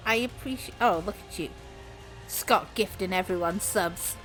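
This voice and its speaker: A woman's voice: mid-range voice, moderate pace, music in the background. A young woman streaming as a VTuber, chatting casually and teasingly with viewers and laughing often.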